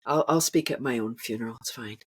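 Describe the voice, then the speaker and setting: A woman's voice: extremely low pitch, quick pace, slightly rough. A woman guest on a podcast, talking lightly and laughing easily, at ease with speaking. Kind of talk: casual interview conversation.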